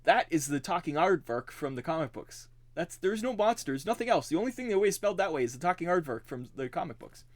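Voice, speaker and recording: A man's voice: on the high side, very animated, quick pace, few pauses. A man co-hosting a podcast, chatting casually and laughing often. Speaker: podcast co-host. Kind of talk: casual chat.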